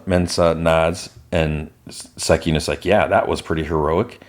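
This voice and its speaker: In a steady tone, a deep-voiced podcast host walks loosely through what happened in a TV episode. He takes his time, often starts sentences over, and tosses in brief character quotes as he goes.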